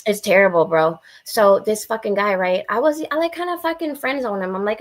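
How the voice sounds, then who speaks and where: A young adult woman telling frank, profane stories in casual podcast chat, blunt and animated. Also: mid-range voice, brisk. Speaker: podcast guest.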